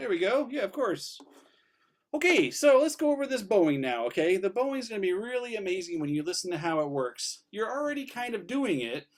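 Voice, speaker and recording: A man's voice: high voice, sing-song, fairly quick. A man teaching an online fiddle lesson, upbeat and encouraging, explaining bowing and counting the class in.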